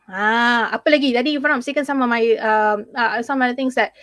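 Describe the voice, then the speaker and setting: A woman's voice: fairly high pitch, brisk, a bit bright, dry recording. A young Malaysian woman teaching English in a live online class, chatty and mixing in Malay, who keeps checking in with "okay?".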